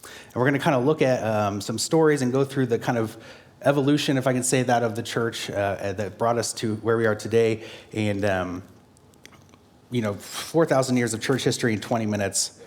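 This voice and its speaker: A man's voice: medium pitch, moderate pace. A man preaching a sermon as a guest pastor, in a conversational way with frequent fillers and self-corrections.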